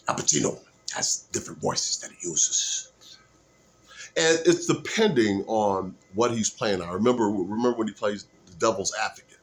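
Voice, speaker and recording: Lively, rambling man vlogging. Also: fairly low pitch, gravelly. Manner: rambling, loose, lively delivery. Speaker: aspiring comedian and musician. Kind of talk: casual vlog, practicing voices. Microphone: camera mic.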